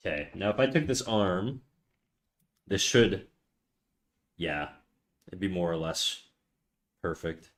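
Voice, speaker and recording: A young man streaming live as he draws, chatting casually with his viewers and trailing off quietly while he concentrates. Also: deep voice, animated, slow, long pauses.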